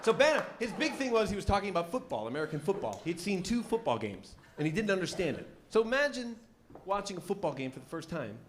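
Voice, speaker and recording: A male stand-up comedian tells a story on a club stage and acts out the characters as he goes. His voice sits a little high for a man. The handheld-mic recording carries clear live club noise. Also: quick pace. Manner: storytelling, animated acting-out of characters. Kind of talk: stand-up routine.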